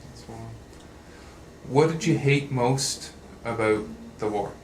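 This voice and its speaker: A man's voice: medium pitch, slow pace. Man asking interview questions. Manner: brief, encouraging reactions. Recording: echoey room, faint background hiss.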